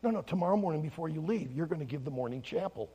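A preacher doing a firm, insistent camp leader. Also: male voice, a little high, lively intonation, rapid-fire, dark tone, breathy edge.

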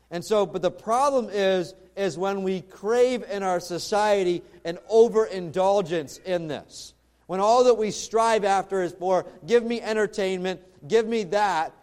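A man with a notably high voice delivers a sermon in a conversational storytelling style. He restarts phrases often and moves easily between family anecdotes and exhortation. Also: darkish tone. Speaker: pastor.

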